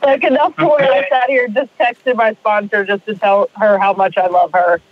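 A woman's voice: mid-range voice, steady tone, moderate pace, no echo, narrow, tinny audio. A woman co-hosting a podcast, gushing and giggly in a casual way.

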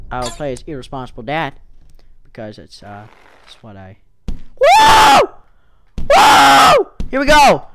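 A woman narrating her own gameplay in a let's play, excitable, with yelps and whoops, and losing her voice. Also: on the low side, very noisy. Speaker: gaming YouTuber.

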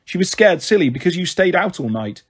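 A man's voice: high voice, very animated, brisk, breathy edge, voice pushed up, exaggerated voice. Man doing a scornful angry teenage girl. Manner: sharp and scornful.

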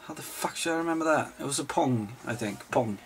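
Though short on sleep and tired, this male video host sounds animated, talking a little fast in a mid-range voice as he answers viewer questions. He swears freely, rambles and jokes, and a little hiss or hum is audible.

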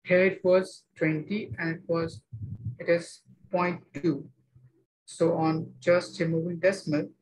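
A man teaching a maths class, explaining each step slowly and checking that students follow. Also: a little high, poor audio. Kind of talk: online maths lecture.

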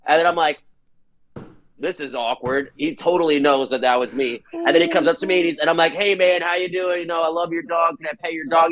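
A man from New Jersey, appearing as a guest musician in a casual chat, tells animated stories and acts out the quoted dialogue. His voice is a little high and brisk. The recording is low quality, with slight background noise.

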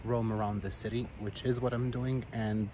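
A man vlogging as he walks outdoors, talking to the camera in a jokey, dramatic way, with sudden high-pitched exclamations. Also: little pitch movement, normal speed. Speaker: travel vlogger. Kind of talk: casual vlog narration. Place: outdoors, forest trail and riverside city. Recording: noisy outdoor camera recording. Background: outdoor ambience, flowing water.

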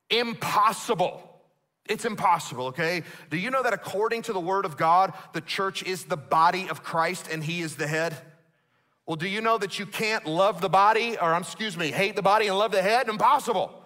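A man's voice: high voice, pushed and bright. A man pastor delivering a sermon, emphatic and conversational, with asides to the congregation. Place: church auditorium.

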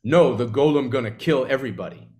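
A man's voice: mid-range voice, quick pace, natural voice. A man doing a blunt golem in broken English. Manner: flat, clipped speech without articles.

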